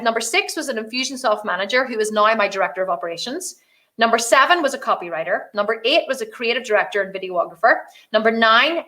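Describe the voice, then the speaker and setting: A middle-aged woman coaching on online business, blunt and animated, swearing freely and acting out conversations. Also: on the high side. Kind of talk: energetic business training talk.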